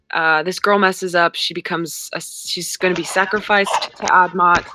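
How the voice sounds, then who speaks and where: A young adult woman co-hosting a podcast, retelling a book in casual chat with hesitant pauses and many ums. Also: fairly low pitch, sharp tone. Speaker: podcast co-host.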